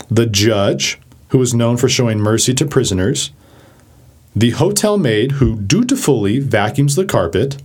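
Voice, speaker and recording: A man giving a casual vocabulary lesson, chatty and animated, who acts out examples as he explains. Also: medium pitch. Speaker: vocabulary teacher.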